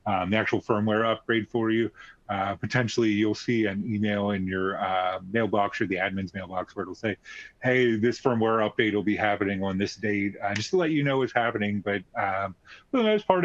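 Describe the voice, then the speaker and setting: This lowish-voiced man is a technical expert guest fielding questions on a webinar. His answers run long and are peppered with fillers, captured in dry, muffled webcast audio.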